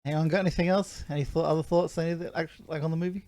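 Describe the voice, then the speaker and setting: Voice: mid-range voice, steady tone, rapid-fire, warm tone, dry recording, clean studio sound. A podcast host leading a casual movie review chat, laughing often and steering the topics.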